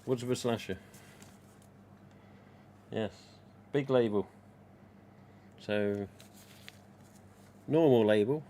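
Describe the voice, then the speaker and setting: A man's voice: medium pitch, drawn-out words, long pauses, mellow, slight background noise. A man, hosting a casual live stream about collectible masks and reading viewer comments aloud in a rambling, chatty way.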